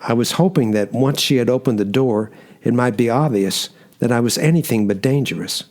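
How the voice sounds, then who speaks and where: Male narrator, mid pitch, measured first-person audiobook read. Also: darkish tone.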